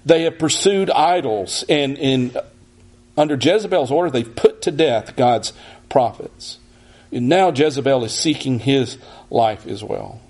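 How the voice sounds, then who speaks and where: A man teaches an expository sermon with animation, his husky, breathy voice a little mellow and sitting mid-range. He keeps a measured pace but often doubles back to restart phrases.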